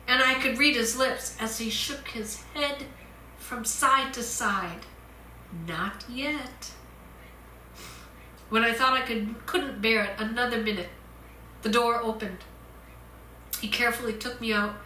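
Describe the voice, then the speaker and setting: A woman minister delivering a sermon in a church, slow and deliberate, repeating her key points. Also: a little high, pushed and bright, slight background noise. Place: church sanctuary. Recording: roomy church echo.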